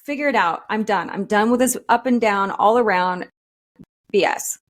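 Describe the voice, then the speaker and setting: A woman's voice: mid-range voice, moderate pace. Woman narrating and reacting on a podcast. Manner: reads recap narration evenly, then reacts with laughter and blunt agreement. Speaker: podcast host.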